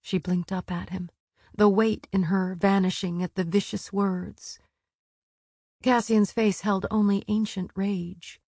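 A woman narrating a story aloud in a measured, steady reading voice. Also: medium pitch, no echo. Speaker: audiobook narrator. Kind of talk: scripted narration.

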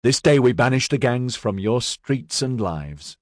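A man's voice: mid-range voice, animated, unhurried, no echo, clean studio sound, voice pushed up, close to an everyday voice. A man doing a resolute young corporal.

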